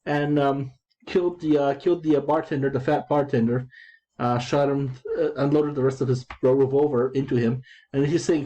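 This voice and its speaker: Rambling man with a mellow voice. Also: mid-range voice, steady tone, normal speed, highs cut off. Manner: digressive, full of restarts and repeated words. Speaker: gamer explaining his in-game chat. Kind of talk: rambling casual commentary.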